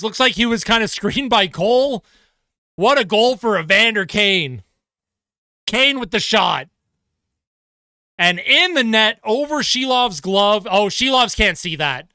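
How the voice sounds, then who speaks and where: High, bright-voiced excitable hockey play-by-play man. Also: unhurried, long pauses, no echo, studio quality. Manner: excitable, shouts on goals, laughs at himself. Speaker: fan play-by-play commentator. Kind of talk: live hockey play-by-play reaction.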